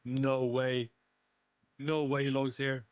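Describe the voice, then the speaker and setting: A young man giving live commentary on his own gameplay, excitable and pleading with the game. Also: mid-range voice, slow pace, smooth, lo-fi sound. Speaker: gaming streamer.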